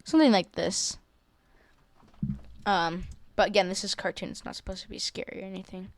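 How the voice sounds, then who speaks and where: A woman walking through a software drawing tutorial in a casual, hesitant way, with many fillers and self-corrections. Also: medium pitch, fairly even intonation, a little fast, no echo. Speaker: tutorial creator. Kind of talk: screen-recorded software tutorial.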